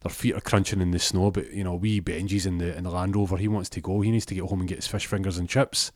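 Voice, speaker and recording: A man's voice: low-pitched, level tone, quick pace, dry recording, studio quality. A man telling a rambling comic story, with lots of restarts and asides. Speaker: comedic storyteller.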